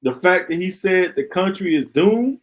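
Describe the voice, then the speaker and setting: Man, live stream host, ranting, sarcastic, high voice, swinging pitch. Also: expressive, normal speed, poor audio. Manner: exasperated, sarcastic, repeats himself. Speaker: podcast host.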